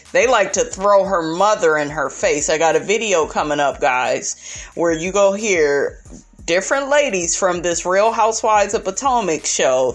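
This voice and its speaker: Sassy woman commenting to her viewers. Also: fairly low pitch. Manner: sassy, slangy, talks straight to viewers. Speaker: commentator reacting to reality TV clips. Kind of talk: casual commentary.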